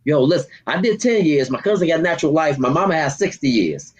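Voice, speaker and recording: Husky man telling a heartfelt story. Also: on the high side, expressive, fairly quick, highs cut off. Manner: heartfelt, storytelling, street slang. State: holding back tears. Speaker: guest, community activist. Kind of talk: emotional interview talk.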